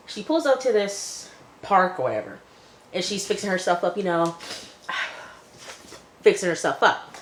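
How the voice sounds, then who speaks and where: Brief: deep-voiced woman reviewer, chatty offhand recap, echoey room. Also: big pitch swings, a little slow, pauses often, slight background noise. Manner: chatty, loose retelling full of "like" and "you know". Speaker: TV episode reviewer. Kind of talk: casual episode recap.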